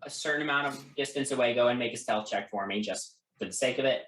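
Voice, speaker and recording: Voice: mid-range voice, fast talker, a little hiss or hum. Laid-back game master running a dnd fight, lots of ums, echoey room. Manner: relaxed, with many fillers. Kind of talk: narrating a tabletop game.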